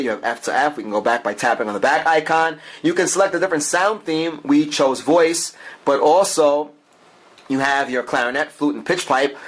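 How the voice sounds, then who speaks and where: A man's voice: a little high, a bit bright. Chatty man demoing an app. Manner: chatty, enthusiastic, frequent "take a look" and uh fillers. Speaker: app reviewer. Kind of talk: app demo walkthrough.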